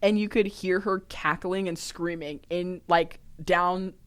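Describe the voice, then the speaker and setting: A woman's voice: on the low side, unhurried. Young woman telling a story casually. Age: young adult. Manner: animated storytelling with frequent fillers. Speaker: podcast co-host. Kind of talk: casual chat.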